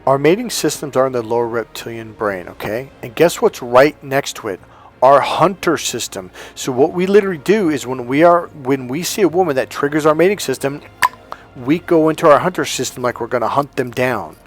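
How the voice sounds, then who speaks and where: A man's voice: medium pitch, lively intonation, a little fast, faint music behind. A man giving an emphatic coaching talk on dating, telling anecdotes and acting out the quotes. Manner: emphatic, storytelling, acts out quotes.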